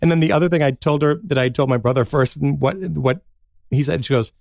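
A man's voice: a little high, brisk, gravelly, a little mellow, no room sound, studio quality. A man, a guest playwright and actor, telling stories in casual chat, acting out quotes from his family and laughing often.

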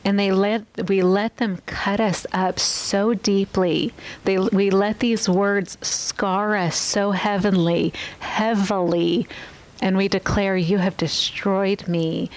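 A woman's voice: mid-range voice, rough recording. A woman giving an earnest Bible teaching on a podcast, often asking the listener questions.

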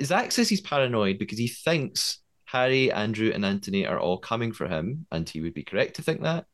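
A man co-hosting a podcast, recapping scenes step by step and thinking aloud as he goes. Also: on the low side. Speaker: podcast co-host. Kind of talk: casual recap chat.

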